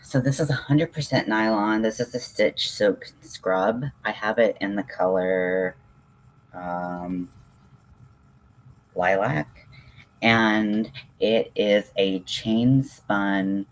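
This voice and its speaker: Low-voiced man gushing on a craft stream. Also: slow. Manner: gushing and excitable, many ums and restarts. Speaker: livestream host reading chat. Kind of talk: casual crafting livestream chat.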